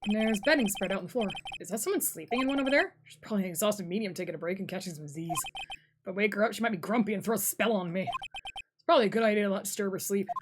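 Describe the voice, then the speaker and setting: A woman's voice: medium pitch, racing, noisy background. A woman streamer reading game text aloud with playful, sarcastic asides.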